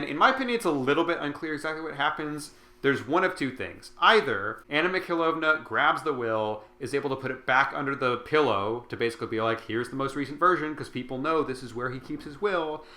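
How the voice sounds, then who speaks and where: A man's voice: medium pitch, sharp tone. A tipsy man casually recapping a book, rambling with lots of fillers and swearing. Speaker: host. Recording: roomy echo.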